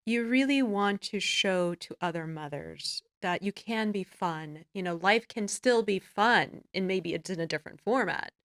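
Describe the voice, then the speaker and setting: A woman hosts a podcast and asks her guest warm, supportive questions. Her voice sits mid-range, and the recording is dry and close. She often adds brief affirmations. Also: medium pitch, animated, measured pace, few pauses, no echo. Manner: supportive, many affirming interjections. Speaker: podcast host. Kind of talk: interview.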